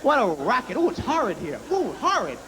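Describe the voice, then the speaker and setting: A man's voice: very high voice, wildly swooping pitch, fairly quick, bright, forceful tone, voice pushed up, full character voice. A man voicing a paranoid older father with a New York accent, ranting in a whiny, exasperated way. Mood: griping. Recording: reverberant hall with faint hiss.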